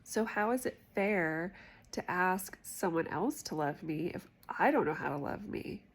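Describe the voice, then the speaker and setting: A woman's voice: on the low side, lively intonation, a little slow, slightly rough. A woman hosting a self-help talk, speaking candidly and conversationally about her own experience. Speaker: host.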